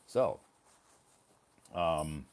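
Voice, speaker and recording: A man's voice: very deep voice, expressive, extremely slow. A male English teacher giving a casual live-stream lesson, explaining patiently and repeating words for learners. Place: living in China.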